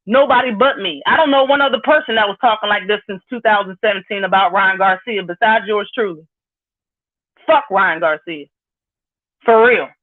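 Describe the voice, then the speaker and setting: Speaking in a mid-range voice at a moderate pace, this live-stream host delivers a heated, blunt, profane rant. She greets viewers in the chat as she goes, and the audio sounds lo-fi, like a phone.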